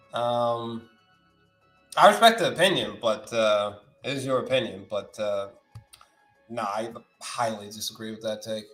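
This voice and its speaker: A man's voice: on the low side, a little slow, long pauses, fairly bright tone, roomy sound, faint music behind, rough recording. A young man hosting a movie news stream, ranting in a loose, slangy, profane way, his voice leaping up when he gets worked up. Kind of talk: animated live-stream rant.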